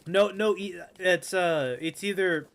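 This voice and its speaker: Speaking slowly in a high voice, a gaming streamer delivers casual gameplay commentary. He rambles and stammers, cracks jokes about himself, and swears a lot.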